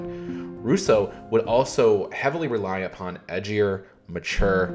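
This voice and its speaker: A man narrating a history video in a wry, conversational way, adding emphatic asides. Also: low voice. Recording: voice over loud music bed.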